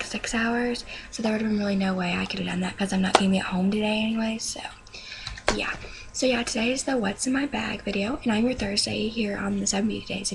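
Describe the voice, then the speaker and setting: A young woman casually showing off what she carries, talking slowly and quietly with some rambling, recorded on a webcam. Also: mid-range voice, vocal fry, background noise. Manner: talks slow and quiet, rambling. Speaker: beauty vlogger. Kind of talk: casual show-and-tell vlog.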